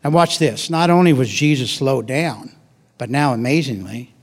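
A man preaching a sermon and reading scripture, acting out voices and swinging from loud to soft. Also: medium pitch, animated, a little slow.

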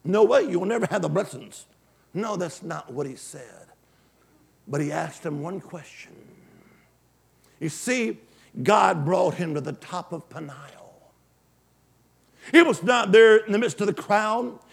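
A male preacher delivering an emphatic call-and-response sermon, swinging from loud exclamations to hushed asides. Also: high voice, lively intonation, takes it slowly, creaky, pauses often, husky.

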